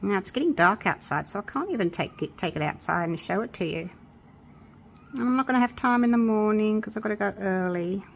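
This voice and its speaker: A woman chatting casually through a resin crafting tutorial, excitable and gushing with delight. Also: mid-range voice, fairly quick, creaky, slight background noise. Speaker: craft vlogger.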